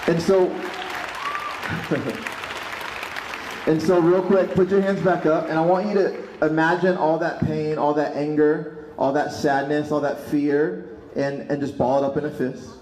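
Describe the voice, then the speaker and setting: A man leading a protest crowd through a calm, guided emotional exercise. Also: on the high side, slight background noise. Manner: calm, coaching, measured. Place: outdoor street protest. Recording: echoey outdoor PA, crowd behind.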